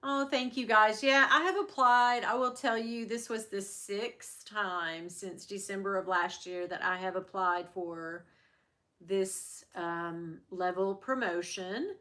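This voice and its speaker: A woman's voice: mid-range voice, slow pace, pushed and bright. A middle-aged woman hosting a livestream, chatting candidly with viewers and swearing freely. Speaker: luxury handbag livestream host. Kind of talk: casual livestream chat.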